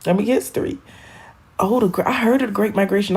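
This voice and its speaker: A young woman from Michigan chatting on a live stream, rambling, animated and profane, laughing at her own jokes. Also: medium pitch, fast. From Michigan, USA. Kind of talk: casual live-stream chat.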